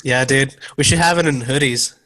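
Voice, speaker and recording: A man's voice: medium pitch, moderate pace, fairly bright tone. A young man co-hosting a podcast, laughing a lot and cracking jokes in a slangy way. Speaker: podcast co-host. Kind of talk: casual chat.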